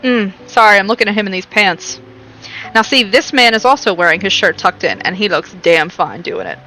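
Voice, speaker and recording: A woman's voice: mid-range voice, expressive, a little fast, pushed and bright, faint music behind, poor audio. A young woman streaming a romance game, reading narration and her own lines aloud and chatting between them.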